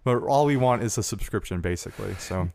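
A man's voice: fairly low pitch, brisk, vocal fry, darkish tone. A man co-hosting a podcast in casual chat, talking earnestly and rambling with restarts. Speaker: podcast co-host.

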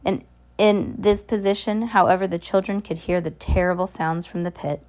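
A woman's voice: on the low side, fairly even intonation, normal speed, a little mellow. A woman reading a novel aloud, now and then stumbling and correcting herself.

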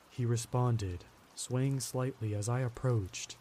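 A man narrating a scripted horror story in a tense, measured way. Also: medium pitch, warm tone, a little hiss or hum.

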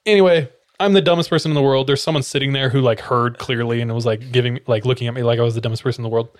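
A young man recounts a story as a podcast co-host, with animated delivery. He breaks into quick voices and sound effects for the people in it. The talk is loose and casual. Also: medium pitch, no echo, clean studio sound. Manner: animated, acts out quotes with sound effects and laughs.

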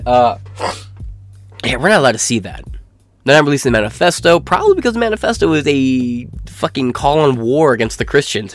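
A man ranting through a commentary with crude, profane, sneering talk. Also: medium pitch.

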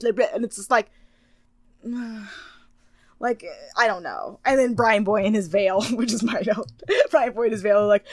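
A young woman co-hosting a casual recap podcast, talking in an animated way with mocking impressions and swearing. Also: medium pitch, normal speed, no echo. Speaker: podcast co-host.

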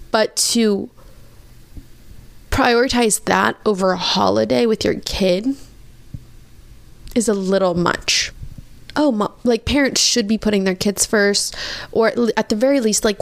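A young woman in her twenties hosting a podcast, telling a personal story candidly and emotionally with many "like" fillers. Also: medium pitch. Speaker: podcast host.

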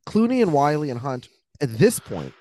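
A man's voice: fairly high pitch, big pitch swings, moderate pace, warm tone, dry recording. A man hosting a casual podcast chat, thinking aloud and rambling between points. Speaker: podcast host.

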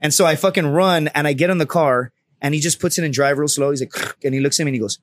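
Fast-talking man telling a wild story. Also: a little high, fairly even intonation, dry recording. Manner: profane, acts out the people in his stories. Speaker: podcast guest. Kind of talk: animated comedic storytelling.

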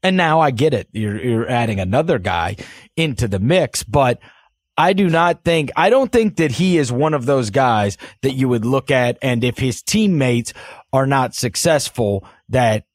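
Man, sports podcast co-host, husky voice, lively swings in pitch, dry close mic. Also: unhurried, no echo. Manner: animated, with loud put-on voices and laughter. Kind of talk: casual sports podcast chat.

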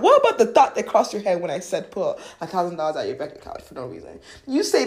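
A woman's voice: lowish voice, wildly swooping pitch, racing, few pauses, a little mellow, echoey room. A woman hosting a podcast in casual spiritual talk about money, slangy and profane, laughing often and acting out voices. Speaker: podcast host.

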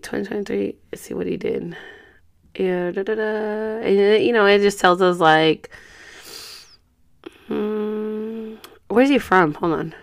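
A woman's voice: mid-range voice, creaky. A woman in her thirties ranting to her viewers in a casual vlog, frustrated and profane, slipping in Spanish words. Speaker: vlogger.

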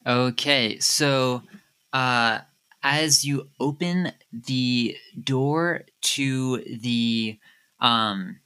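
A man guides a murder mystery game as its game master. He talks casually and hesitantly, leaning on fillers, in a bright, forceful voice at a middling pitch. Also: drawn-out words, clean tone.

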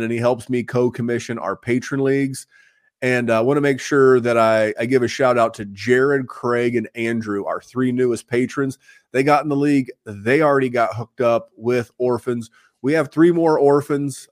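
A man hosting a fantasy football podcast, chatting casually and upbeat, rambling a little as he gives shout-outs and plugs. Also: medium pitch. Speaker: podcast host.

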